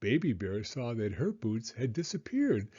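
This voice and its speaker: A man reading a children's story aloud with expressive, unhurried narration. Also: mid-range voice, breathy edge, lo-fi sound. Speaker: storybook reader.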